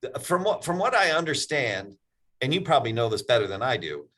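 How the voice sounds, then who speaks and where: A man speaks at a medium pitch as the host of a casual podcast. He is easygoing, laughing along with his guest and backing him up with short replies. He tells his own stories in a relaxed, conversational way. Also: brisk.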